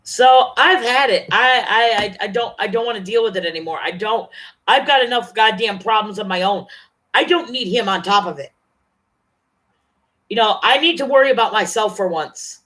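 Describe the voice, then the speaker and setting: A woman's voice: medium pitch, fairly bright tone. A woman venting angrily and profanely on her vlog, talking straight to her viewers. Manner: angry, profane, fast-shifting rant. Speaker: vlogger.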